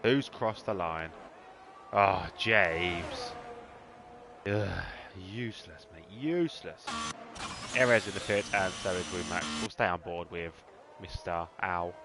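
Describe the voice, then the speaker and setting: A man's voice: sits low, steady tone, takes it slowly, over music. A man in a put-on Irish accent, giving casual, sweary, teasing commentary on a sim racing league. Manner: banter-heavy, sweary, teasing drivers.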